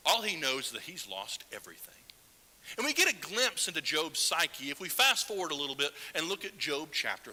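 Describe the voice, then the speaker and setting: A preacher delivers a sermon with a very bright, lively voice, rising high and falling to near-whispers as he reads scripture with feeling. He speaks to the congregation with direct questions. The sound carries a long church-hall reverb over a faint hiss. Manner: reads scripture aloud with strong feeling, asks the listeners questions. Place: church sanctuary.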